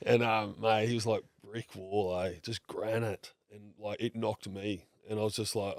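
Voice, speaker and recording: A man with a lowish voice and an Australian accent chats as a podcast guest. He talks loosely and blokey, swearing and acting out quotes. The sound is dry and close. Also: steady tone, normal speed, few pauses, dry recording. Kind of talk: casual storytelling chat.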